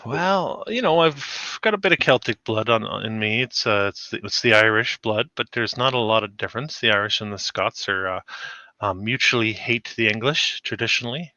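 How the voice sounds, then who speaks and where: A man's voice: fairly low pitch, normal speed, pushed and bright, dry recording, dull audio. A man co-hosting a casual chat. He talks in a friendly, chatty way and laughs often. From Canada. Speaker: podcast co-host.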